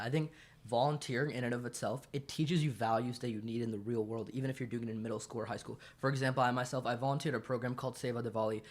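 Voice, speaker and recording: A teenage boy co-hosting a student podcast, speaking earnestly about his own volunteering and getting louder as he gets worked up. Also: mid-range voice. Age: teens. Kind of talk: casual podcast chat.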